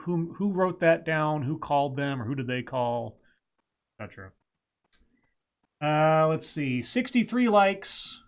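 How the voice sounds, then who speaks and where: Rambling male stream co-host, higher voice. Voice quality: rambling, frequent restarts. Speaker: co-host of a news talk stream. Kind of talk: casual political chat.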